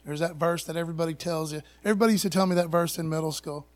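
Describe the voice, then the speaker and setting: A man's voice: fairly high pitch, fairly even intonation, racing. A man pastor giving a casual conversational sermon, emphatic and folksy, often tagging sentences with "man" and searching for words aloud.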